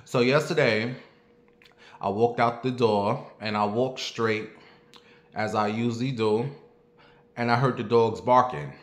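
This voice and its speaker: Guy ranting a story, sassy and cussing a lot, mid pitch voice, echoey room. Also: a little slow, long pauses. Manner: sassy, profane, animated storyteller who imitates barking. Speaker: online commentator. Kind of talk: casual storytelling rant. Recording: roomy echo.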